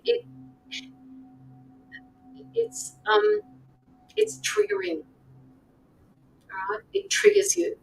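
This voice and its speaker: A woman's voice: very high voice, creaky, recorded from a distance, a little hiss or hum, poor audio. A woman reading tarot on a live stream, talking earnestly to viewers, repeating herself and checking in with "right?". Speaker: tarot reader and medium. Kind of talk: live-stream reading, casual coaching talk.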